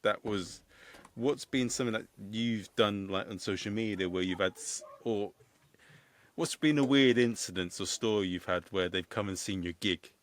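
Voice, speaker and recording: A man's voice: lowish voice, normal speed. A man hosting a casual interview podcast, rambling through stories and questions with easy laughs. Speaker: podcast host and comedian.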